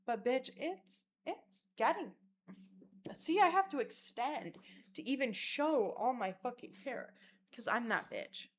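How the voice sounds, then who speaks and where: A young woman telling wild personal stories in a casual vlog, crude and animated, slipping into mocking voices. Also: a little high, measured pace, a little hiss or hum. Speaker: vlogger.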